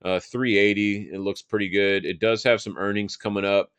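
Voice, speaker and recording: A man's voice: on the low side, steady tone, moderate pace, a bit bright, clean tone, no room sound. A man in his thirties from Texas hosting a live market show, chatting casually and thinking aloud over charts, loose and profane with plenty of fillers. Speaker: market analysis host.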